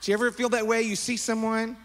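A middle-aged man preaching as a pastor, animated and affectionate, wandering into asides with his congregation. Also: extremely high pitch, fast talker. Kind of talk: sermon. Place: large church sanctuary. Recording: long hall reverb.

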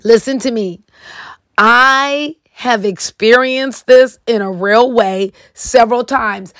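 A woman's voice: fairly high pitch, takes it slowly, a bit bright, dry recording. Earnest woman in her fifties, dry close mic. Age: 50s. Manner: earnest, emphatic, repeats phrases for emphasis. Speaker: podcast host. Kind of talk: personal devotional podcast talk.

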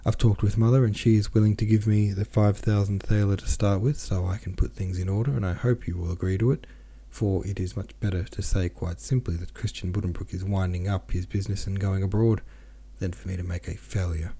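A restless, self-pitying middle-aged merchant pleads and rambles on, voiced by a man reading a novel aloud. The voice is low and gravelly with a husky edge. It sounds very dark and mellow. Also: fairly even intonation, fairly quick, hardly any pauses, exaggerated voice. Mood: pleading. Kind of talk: audiobook character voice.

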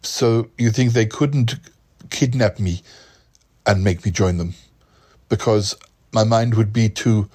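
A man in a relaxed podcast conversation, gently musing over a theory. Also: fairly low pitch, slow pace, slightly rough. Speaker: podcast host. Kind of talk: casual chat.

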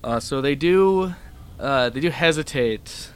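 A man's voice: medium pitch, lively intonation, unhurried. A man narrating a tabletop role-playing session as its game master, with a mid-range voice. His delivery is loose and easygoing, dotted with fillers. A faint hiss sits under the recording.

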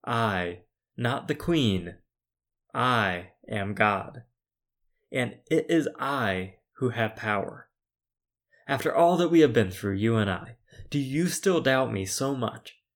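A man's voice: medium pitch, animated, takes it slowly. A man voicing God as an exasperated, all-powerful male deity in a sermon, pressing emphatic rhetorical questions.

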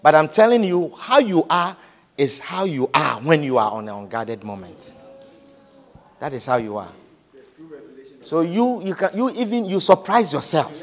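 A man preaching a sermon, repeating his points with emphasis and moving between hushed and loud delivery. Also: fairly high pitch, very animated, normal speed, pauses often. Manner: repetitive emphatic preaching, swinging from soft to loud.

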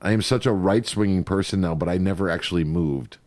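Blunt, profane podcast co-host. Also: male voice, deep voice, a little fast, darkish tone. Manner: laughs easily, blunt and profane. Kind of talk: casual chat.

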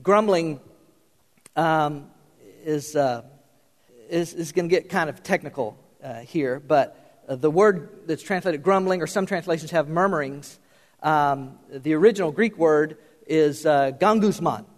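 A man's voice: a little high, measured pace. An older male pastor preaching a folksy, joking sermon, full of fillers and restarts. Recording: long hall reverb.

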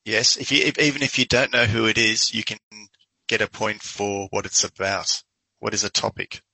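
Gravelly, bright-toned man teasing as a quizmaster. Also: fairly low pitch, flat delivery, normal speed, dry recording, low-quality recording. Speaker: podcast co-host. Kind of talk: casual sports chat.

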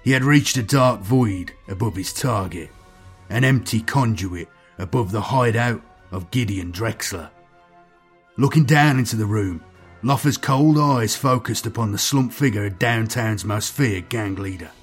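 A man narrating a dark science-fiction story in a measured, grim storytelling manner. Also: on the low side, breathy edge, soft background music. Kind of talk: scripted dark sci-fi story reading.

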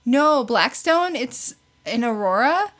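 A woman's voice: a little high, big pitch swings, takes it slowly, a bit bright. A woman co-hosting a podcast, cutting in with teasing jokes in casual chat. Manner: teasing, jokey interjections. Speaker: podcast co-host.

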